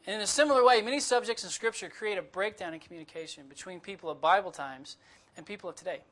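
Guest preacher, male, high and bright-toned, chatty sermon delivery read from notes. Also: quick pace. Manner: conversational, with humorous asides and disclaimers; reads closely from notes.

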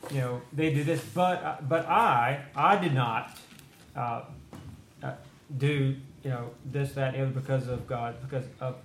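Man, study group member, halting delivery full of fillers, roomy room, faint hiss. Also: medium pitch. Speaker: Bible study participant. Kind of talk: explaining text in group discussion.

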